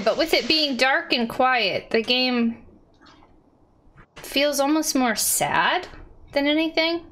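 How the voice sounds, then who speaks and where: A woman giving casual let's-play commentary, chatty and excitable, reading game text aloud. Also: high voice, takes it slowly, long pauses.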